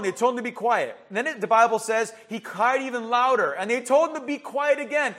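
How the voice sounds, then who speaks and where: A man preaching a sermon with passion, asking rhetorical questions and swinging between loud emphasis and hushed asides. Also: sits high, lively intonation, brisk.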